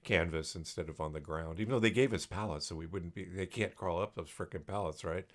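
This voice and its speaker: A man's voice: sits low, a little fast, fairly bright tone. A man co-hosting a podcast, chatting casually about odd news and laughing often. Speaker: podcast co-host.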